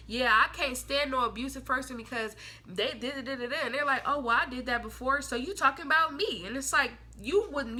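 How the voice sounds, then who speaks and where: Bright, high-voiced young woman reading tarot. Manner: chatty and blunt, slangy, swears freely, acts out quoted people. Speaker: tarot reader. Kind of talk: casual tarot reading monologue.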